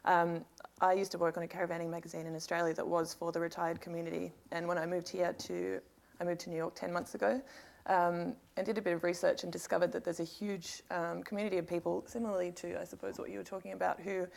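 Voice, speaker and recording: Woman panelist, low flat voice w some fry, lots of ums. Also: quick pace. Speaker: magazine founder and editor, panelist. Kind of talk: conference panel talk.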